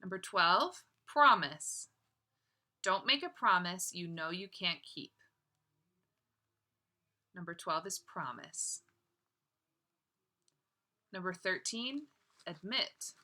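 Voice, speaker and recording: A woman teacher dictating a spelling test, saying each word, using it in a sentence, then repeating it deliberately. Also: lowish voice, animated, pushed and bright. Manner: affectionate toward students.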